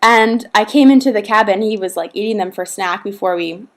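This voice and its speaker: A woman's voice: mid-range voice, fairly quick. A young pregnant woman from Canada chatting casually to the camera in a vlog, rambling with lots of fillers and frequent laughs. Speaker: vlogger.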